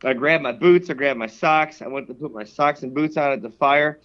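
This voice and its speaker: A man in casual podcast chat, telling animated stories and swearing freely. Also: mid-range voice, moderate pace, dull audio.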